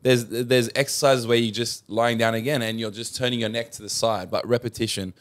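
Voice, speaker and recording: A man's voice: medium pitch, brisk. A young man co-hosting a podcast, explaining gym exercises casually, often restarting sentences and adding jokes. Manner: relaxed explaining, trails off and restarts, joking asides. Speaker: podcast co-host.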